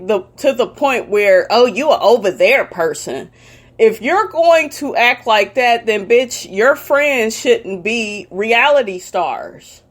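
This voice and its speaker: A woman giving a heated, profane commentary rant, sassy and blunt, cursing freely. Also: medium pitch. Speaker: commentary vlogger.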